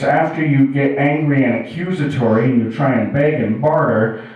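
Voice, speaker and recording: A man doing a rowdy stand-up routine at a house party, shouting and singing through his rants. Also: mid-range voice, a little hiss or hum. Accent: American. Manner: rowdy, shouting and singing when ranting as himself. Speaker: stand-up comedian. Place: house party living room. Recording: very echoey room, far from mic.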